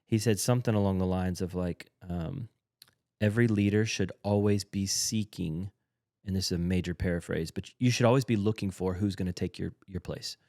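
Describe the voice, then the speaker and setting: A man's voice: low-pitched, steady tone, a little fast, warm tone, no echo, studio quality. A man who leads in a church, a podcast guest explaining his ideas earnestly and step by step. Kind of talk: casual conversational interview.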